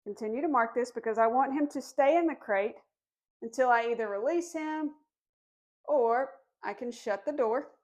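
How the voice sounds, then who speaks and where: A woman dog trainer explaining puppy commands outdoors, giving firm commands and soft praise. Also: on the high side, normal speed. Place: outdoors in a yard.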